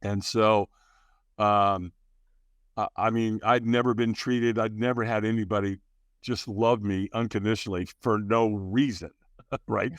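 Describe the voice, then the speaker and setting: With a fairly low voice, steady tone and measured pace, a man in his sixties speaks as a podcast guest, frankly and earnestly sharing his life in an interview. His candid storytelling includes fillers, restarts and acted-out quotes, and the recording is dry.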